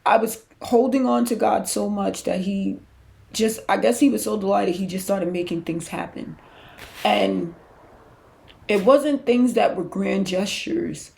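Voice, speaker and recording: Gravelly-voiced woman sharing a faith testimony. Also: mid-range voice, unhurried, darkish tone. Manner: candid, emotional storytelling; loose, conversational with restarts. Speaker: podcast host.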